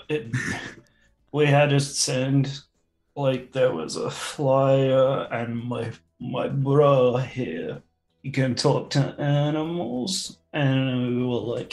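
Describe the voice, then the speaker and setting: A man voicing a dazed, mellow male satyr with a drawling, meandering way of talking. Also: mid-range voice, steady tone, slow, gravelly, soft background music. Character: spaced-out male bro satyr, lost and mellow.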